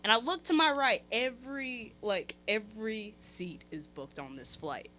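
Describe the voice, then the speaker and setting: A woman's voice: fairly high pitch, measured pace, a little hiss or hum. A young woman guest on a podcast, telling a funny story in a casual, chatty way and acting out what people said. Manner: animated, acts out quotes with shifting voices; chatty, laughs through her story.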